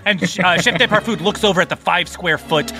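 A man's voice: sits high, a little fast, music in the background. A man narrating as game master in a tabletop game, loose and playful with many fillers.

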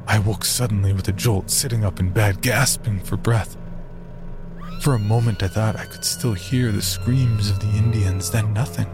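A man narrating a horror story in a slow, grim first-person telling. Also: fairly low pitch, steady tone, music in the background.

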